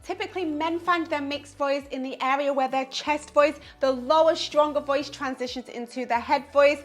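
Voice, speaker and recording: A woman's voice: high-pitched, fairly even intonation, normal speed, soft background music. A woman vocal coach giving an upbeat singing lesson to camera, explaining with the odd "you know" and "um".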